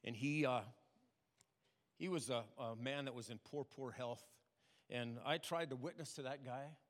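Older guy preaching, plain halting stories, echoey church hall. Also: medium pitch. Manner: plain, halting testimony with restarts. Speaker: pastor. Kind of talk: storytelling sermon. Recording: long reverb of a hall.

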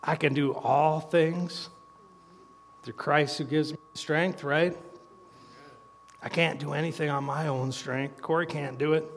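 Middle-aged male preacher, high voice, folksy and chuckling, long hall reverb. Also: steady tone, unhurried, pauses often, a little hiss or hum. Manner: folksy, chuckles between points. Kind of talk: sermon.

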